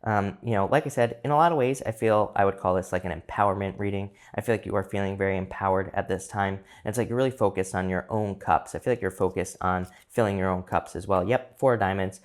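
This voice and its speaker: A man giving a casual tarot card reading to his viewers, chatty and loose, with fillers and restarts. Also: on the low side. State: hiccups. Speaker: tarot reader.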